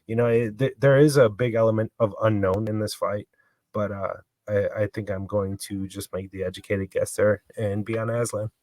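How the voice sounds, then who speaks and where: Low-voiced guy breaking down fights, calm and careful, dry close mic. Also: no room sound. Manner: measured, analytical, hedging picks. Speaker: podcast co-host. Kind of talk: casual sports betting chat.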